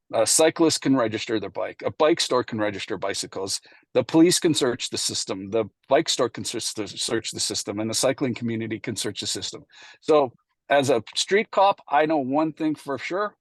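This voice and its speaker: A middle-aged man spins a story-driven talk, full of fillers and little acted-out exchanges. His voice sits at an everyday middle pitch. The sound is close and dry, with no room echo. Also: expressive, normal speed. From Canada. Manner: anecdotal, acts out past dialogue, frequent fillers. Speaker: presenter at a committee meeting. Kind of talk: casual storytelling presentation.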